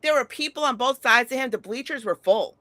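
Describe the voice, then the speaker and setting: A woman's voice: a little high, brisk, pushed and bright, no echo. A middle-aged woman talking in a casual chat, telling stories bluntly and animatedly, with frequent swearing.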